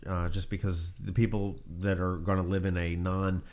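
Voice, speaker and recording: A man hosting a podcast, chatting casually and telling stories in an animated way. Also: low-pitched, moderate pace. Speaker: podcast host. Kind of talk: casual chat, storytelling.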